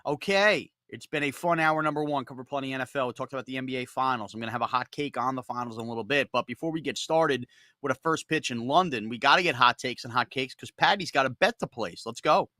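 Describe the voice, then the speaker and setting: A man co-hosting a sports betting radio show, setting up the segment with quick, jokey banter. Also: medium pitch, sharp tone, dry recording, studio quality. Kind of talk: casual radio chat.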